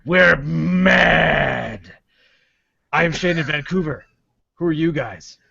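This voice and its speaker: A man's voice: on the high side, moderate pace, fairly bright tone. A man hosting a podcast, chatting casually over beer with a playful, joking manner, on muffled lo-fi audio. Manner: playful and joking, hosts the show. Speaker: podcast co-host.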